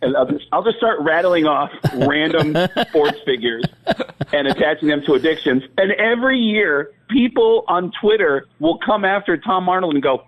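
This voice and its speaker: Animated male comic telling stories. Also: fairly high pitch, moderate pace, rough recording. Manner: animated, laughing storyteller. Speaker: stand-up comedian guest. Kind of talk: storytelling with impressions.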